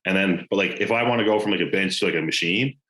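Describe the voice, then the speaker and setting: A man's voice: low voice, quick pace, pushed and bright, poor audio. A young man co-hosting a podcast, chatting casually and loosely, with lots of "like" and "yeah". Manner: laid-back, filler-heavy with lots of "like". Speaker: podcast co-host. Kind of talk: casual chat.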